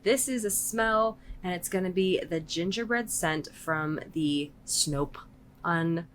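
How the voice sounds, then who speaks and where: A woman's voice: on the low side, takes it slowly, slight background noise. A woman co-hosting a podcast in casual, enthusiastic chat. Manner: enthusiastic, upbeat. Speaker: podcast co-host.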